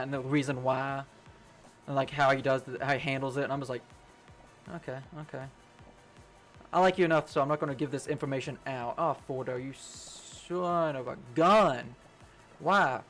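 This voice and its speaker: A man's voice: mid-range voice, fairly bright tone. A young man streaming a game, telling a rambling work story casually, swearing and laughing often. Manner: rambling, profane, laughs a lot. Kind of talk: casual storytelling while gaming.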